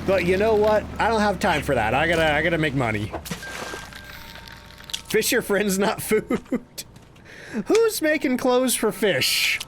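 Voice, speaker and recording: A man's voice: high-pitched, sing-song, measured pace, pauses often, fairly bright tone, slight background noise. A man streaming a game live, reacting with goofy jokes and sudden exclamations and thanking his chat. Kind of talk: live gameplay commentary.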